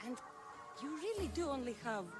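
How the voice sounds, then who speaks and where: A woman's voice: high-pitched, sing-song, normal speed. An actress playing a teasing young female mercenary warrior in a game clip, mocking and playful. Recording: game clip with music behind.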